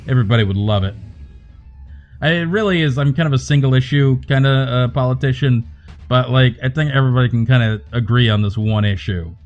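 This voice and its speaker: A man hosting a livestream, chatting casually to viewers in a calm, soothing voice and rambling from joke to joke. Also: medium pitch, brisk, lo-fi sound, faint music behind. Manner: rambling, joking, talks to chat by name. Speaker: livestream host.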